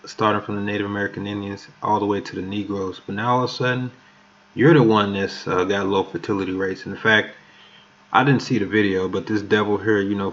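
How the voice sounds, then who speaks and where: A preacher with a fairly low-pitched, fairly bright voice reads verses emphatically as part of his sermon, occasionally tripping over words. The recording is muffled and lo-fi.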